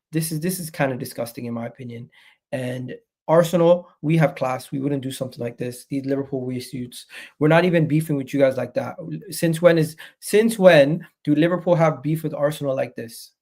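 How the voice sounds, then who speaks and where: Animated man ranting about football. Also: on the high side, creaky. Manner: animated, repetitive, swears freely, talks straight to viewers. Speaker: football channel host. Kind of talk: casual fan video rant.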